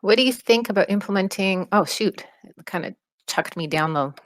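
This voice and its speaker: A woman's voice: medium pitch, moderate pace, dry recording, studio quality. A woman developer reading out and answering community questions on a voice call, chatty and self-deprecating. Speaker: game developer. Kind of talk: casual Q&A in a voice call. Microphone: computer mic on a voice call.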